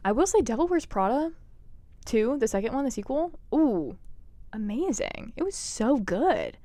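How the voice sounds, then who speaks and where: A woman's voice: fairly high pitch, sing-song, normal speed, dark tone, no room sound. A young woman hosting a podcast, chatting casually and gushing with lots of "like" and "oh my God". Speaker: podcast host. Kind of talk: casual chat.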